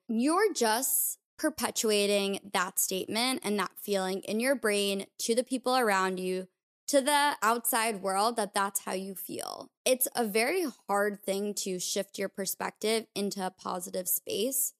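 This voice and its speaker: Smooth-voiced woman sharing personal reflections. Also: mid-range voice, a little slow. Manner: candid, confessional, uses filler "like". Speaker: podcast host. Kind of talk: personal reflective podcast talk.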